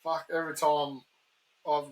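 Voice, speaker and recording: A man's voice: a little high, level tone, measured pace, poor audio. An Australian man chatting as a podcast guest, laid-back and rambling, swearing casually. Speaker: guest YouTuber. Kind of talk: casual chat.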